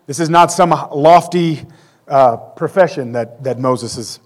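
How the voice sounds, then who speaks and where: A man's voice: fairly high pitch, measured pace. A man in his forties preaching a conversational sermon with self-deprecating humor. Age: 40s. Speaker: pastor.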